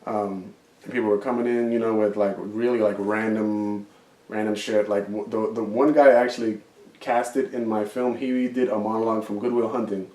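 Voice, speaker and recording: A man co-hosting a podcast speaks at normal speed in a lowish, steady, slightly mellow voice. In casual chat he spins a rambling tale stuffed with fillers and swearing, and the mic sounds distant and roomy.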